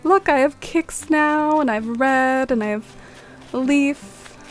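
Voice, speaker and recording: A young woman with a high-sitting voice streams a game, speaking slowly with faint music behind her. She chats in a friendly, casual way with viewers and muses aloud.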